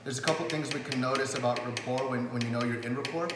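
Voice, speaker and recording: A fast-talking man with a medium pitch and fairly even intonation gives a casual to-camera lesson on rapport skills. Fillers, restarts and acted-out quotes fill his loose, chatty delivery. The echoey room carries long reverb, and background noise can be heard.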